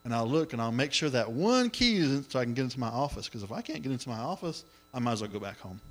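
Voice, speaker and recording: A middle-aged man preaching a sermon, telling the story in an animated way and acting out the voices. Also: mid-range voice, fast talker. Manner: animated storytelling, acts out voices, exclamations of hallelujah.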